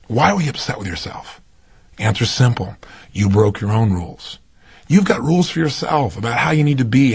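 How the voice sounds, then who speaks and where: A man with a husky, slightly rough voice delivers a motivational seminar talk. He speaks emphatically and keeps turning to the audience with rhetorical questions. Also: medium pitch.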